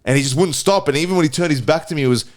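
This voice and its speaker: Fast-talking young man. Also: a little high. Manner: rambling, quick-fire, swears and says "like" a lot. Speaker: podcast co-host. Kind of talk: casual chat.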